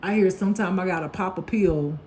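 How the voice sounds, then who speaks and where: In a warm, mellow, medium-pitched voice, someone gives a casual spiritual tarot reading that's blunt and full of swearing. The reader laughs easily and acts out quick bits of other people's gossip, with a faint hum of noise in the background.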